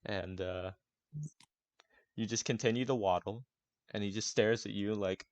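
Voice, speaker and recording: A man running a tabletop game in a loose, halting, casual way, full of fillers and swearing. His voice sits at an ordinary middle pitch and is recorded close and dry with no room sound. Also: fairly even intonation, no room sound. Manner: casual, hesitant, swears often, laughs. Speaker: game master.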